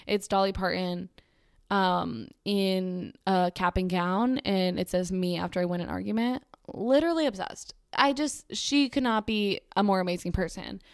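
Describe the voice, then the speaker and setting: A woman's voice: mid-range voice, dry recording. Young woman, casual monologue, gushing and chatty, lots of fillers, dry close recording.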